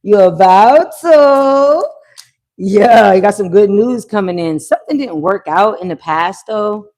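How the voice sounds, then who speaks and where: A woman hosting a live tarot reading, talking in an animated, slangy way with swearing and bursts of laughter. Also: medium pitch, normal speed. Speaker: tarot reader. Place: at home near a pool, kids heard.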